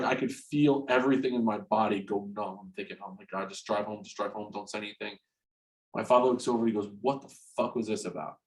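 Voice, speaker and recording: Frank, halting man in his forties. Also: lowish voice, low-quality recording. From New Jersey, US. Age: 40s. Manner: frank, halting, repeats words, swears freely. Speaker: interview guest. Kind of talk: candid personal storytelling.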